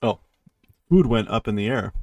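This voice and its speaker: A man's voice: fairly low pitch, animated, normal speed, vocal fry, darkish tone, no room sound. A man casually reading a comic aloud, translating as he goes and mimicking its sound effects with playful noises. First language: English. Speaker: streamer reading manga aloud. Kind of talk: casual read-through with translation.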